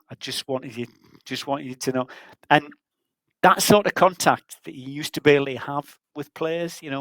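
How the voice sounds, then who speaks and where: Over a video call, a veteran football journalist in his sixties tells rambling, self-deprecating anecdotes as an interview guest. His medium-pitched voice comes through a dry, rough recording.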